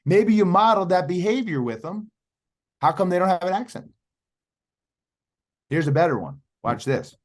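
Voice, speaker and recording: A man's voice: sits high, very animated, normal speed, pauses often. A middle-aged man talks as an interview guest, emphatic and persuasive. He presses the host with questions and keeps driving his point home. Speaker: podcast guest, youth speaker. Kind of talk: animated interview talk.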